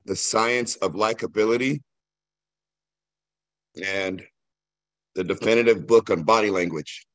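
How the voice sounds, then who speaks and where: A man's voice: deep voice, no room sound. A man in a group discussion, talking in a casual, folksy, upbeat way. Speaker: sales agent in a group discussion.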